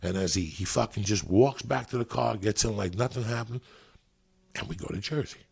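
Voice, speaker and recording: A man's voice: on the low side, a little fast. A man in his fifties, a comedian guest on a podcast, telling stories with lots of swearing and repetition for emphasis. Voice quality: gravelly, husky. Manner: animated, swears freely, repeats for emphasis. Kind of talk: profane storytelling in casual chat.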